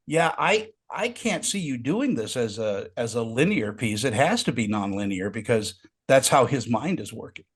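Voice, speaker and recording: An interview host, a man, with a mid-pitched and very lively voice that moves up and down a lot. He asks his questions with enthusiasm and is quick to pay compliments. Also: slightly rough.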